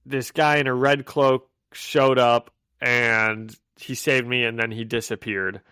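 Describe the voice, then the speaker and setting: Animated man recapping comics. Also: medium pitch, clean tone, no room sound, clean studio sound. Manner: animated, acts out quoted lines in voices. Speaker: podcast co-host. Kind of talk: casual chat, recapping comics.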